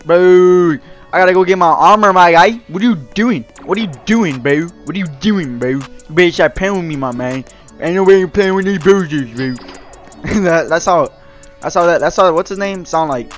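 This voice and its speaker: A young man doing loud, trash-talking commentary over game voice chat, laughing a lot. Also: sits high, normal speed, soft background music. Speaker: gaming streamer.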